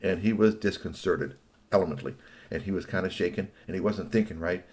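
A middle-aged man narrating a children's story in an animated way, talking to young listeners. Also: low-pitched, brisk.

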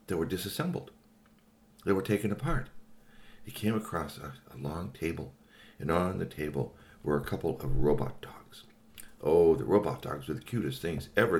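Low gravelly man telling a story. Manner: animated, swoops into high exclamations, chatty asides. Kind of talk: children's story narration.

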